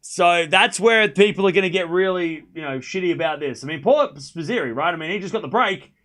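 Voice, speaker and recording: A man's voice: high-pitched, expressive, a little fast, a bit bright. A man hosting a live watchalong stream, calling the play and reacting bluntly, swearing freely. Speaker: streamer host.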